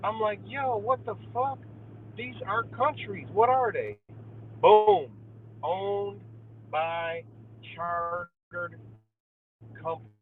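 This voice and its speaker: A man's voice: high-pitched, slow, pauses often. A young man hosting a live stream, ranting heatedly and profanely to his viewers about conspiracies, calling them guys. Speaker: livestream host. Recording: tinny phone-like audio with faint car noise.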